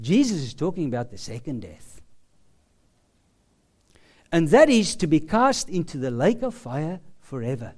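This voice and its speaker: A male preacher delivers a sermon in a high, sweeping voice. He speaks slowly and emphatically. He leans on long, dramatic pauses. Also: sing-song, darkish tone, husky.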